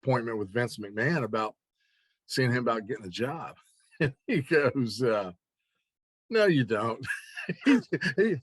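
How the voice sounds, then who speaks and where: A man telling an animated anecdote as an interview guest, acting out the other people's lines and laughing along. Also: medium pitch, measured pace, long pauses, breathy edge, dry recording. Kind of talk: casual storytelling.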